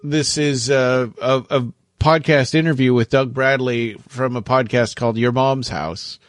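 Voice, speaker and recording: A man's voice: mid-range voice, steady tone, a little slow, dry recording. Easygoing man on a dry mic. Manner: agreeable, frequent affirming "yeah"s, easygoing. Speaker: podcast co-host. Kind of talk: casual podcast chat.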